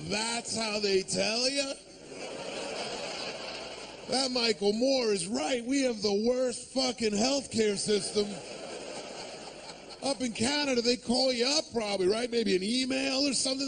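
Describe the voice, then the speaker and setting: A man's voice: very high-pitched, creaky, a bit bright, a little hiss or hum. A man performing a stand-up comedy set, sarcastic and ranting, cursing freely and acting out the people he quotes. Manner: profane.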